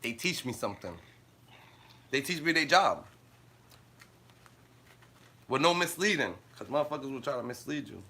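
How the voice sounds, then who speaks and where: A man's voice: mid-range voice, expressive, moderate pace, long pauses, sharp tone. A man ranting and telling blunt, profane stories in slang on a casual live stream, laughing often as he talks. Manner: laughs often while talking. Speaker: livestreamer.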